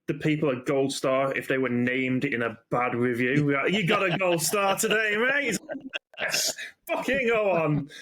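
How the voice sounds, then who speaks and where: Sweary man telling stories. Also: on the high side. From Blackpool, England. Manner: sweary, animated storytelling. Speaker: podcast host. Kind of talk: casual chat.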